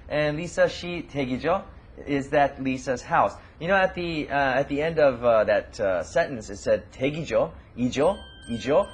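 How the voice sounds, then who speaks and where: A man's voice: medium pitch, quick pace, slightly rough. A man co-hosting a language lesson, explaining casually with many hesitations. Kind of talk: casual teaching chat.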